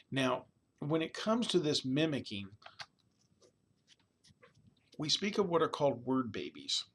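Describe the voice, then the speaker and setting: A man at a middle pitch delivering a recorded college lecture. He talks conversationally and keeps checking in with "okay?" and "all right?". Now and then he imitates a baby's babble. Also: a bit bright, slightly rough. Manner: demonstrates baby babbling sounds.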